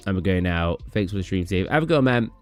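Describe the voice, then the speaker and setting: Talking fast in an animated, low-sitting voice, a young British man chats with his stream viewers, rambling and acting out his reactions. He's recorded in a dry room with faint music playing in the background.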